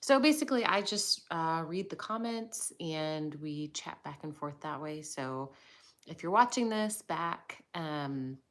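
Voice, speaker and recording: A woman hosting a casual livestream from home, speaking softly and hesitantly with lots of ums, while a dog barks now and then. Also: deep voice, expressive, measured pace. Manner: soft-spoken, hesitant with many ums. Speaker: livestream host. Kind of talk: casual live chat.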